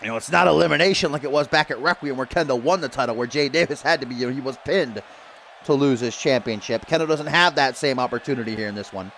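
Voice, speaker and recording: A man doing excitable play-by-play for a wrestling video game stream, laughing at the action and reading viewer tweets. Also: medium pitch, fast talker, slight background noise.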